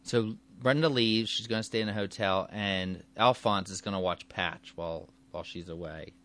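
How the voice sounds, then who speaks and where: A man's voice: fairly low pitch, fairly even intonation, normal speed, a bit bright. A man casually retelling a story, rambling and correcting himself as he goes. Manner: rambling, self-correcting, chuckling.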